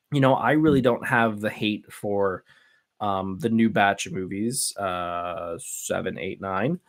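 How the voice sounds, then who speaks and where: A man talks through his opinions on his own podcast, with a middling pitch for a man. He rambles, often stops to say um and uh, and restarts his sentences as he goes. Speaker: podcast host. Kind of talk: casual solo podcast chat.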